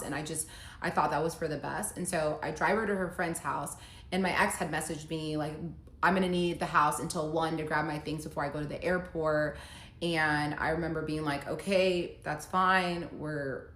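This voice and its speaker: A woman's voice: low-pitched, a bit bright, reverberant. A woman telling her own story to viewers in a confessional, emotional way, reading out quoted text messages. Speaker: storyteller recounting her marriage. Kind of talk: personal storytime vlog.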